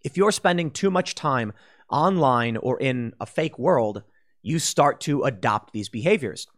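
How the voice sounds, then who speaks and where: A Chicago commentary host delivers a political monologue in a voice pitched mid-range for a man. He's expressive and unhurried, rambling and restarting often with plenty of fillers.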